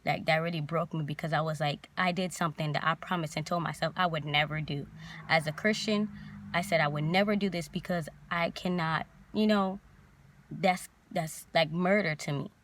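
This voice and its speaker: A young woman vlogger telling a painful personal story in a halting, emotional way, near tears. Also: deep voice, fairly even intonation, fairly bright tone.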